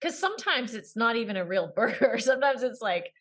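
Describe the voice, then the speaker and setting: Lively woman telling an acting story. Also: fairly high pitch, a little fast. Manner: animated storyteller, acts out quoted voices with laughter. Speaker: actress guest. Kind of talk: casual interview chat.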